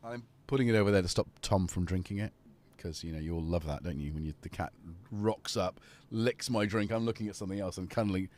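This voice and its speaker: A man's voice: sits low, brisk, darkish tone. A man hosting a casual live stream, rambling and chatty as he talks to viewers and his cat.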